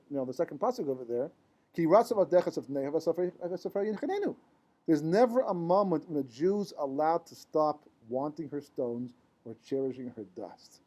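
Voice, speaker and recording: A man's voice: on the high side, mellow, slightly rough. A man teaching a Torah class in a conversational lecture style, mixing Hebrew terms into English and often asking "right?" to check in with his listeners. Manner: conversational, asks rhetorical questions and checks in with "right?". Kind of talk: informal lecture to a live class.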